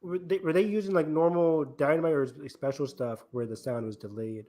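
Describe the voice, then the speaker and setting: A man's voice: on the high side, brisk. A young man co-hosting a podcast, joking and exclaiming as he reviews films. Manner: excitable, jokey, exclamatory. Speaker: podcast co-host. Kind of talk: casual movie review chat.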